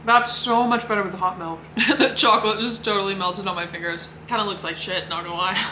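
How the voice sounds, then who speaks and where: A woman narrates a food vlog in an upbeat, chatty tone. Her voice is mid-pitched. Faint noise sits underneath. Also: steady tone, brisk, sharp tone, echoey room, low-quality recording. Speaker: food vlogger.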